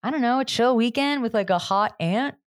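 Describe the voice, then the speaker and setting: A woman's voice: a little high, fairly quick, dry recording, studio quality. A woman co-hosting a casual podcast, recapping a TV show with jokey, sarcastic asides and casual swearing. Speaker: podcast co-host.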